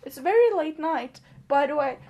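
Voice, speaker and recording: A young Norwegian woman vlogs late at night while tipsy, speaking English as a second language with an accent that blends American and British. Her high, animated, mellow voice moves at normal speed as she rambles, jokes at her own expense, trails off, and starts again.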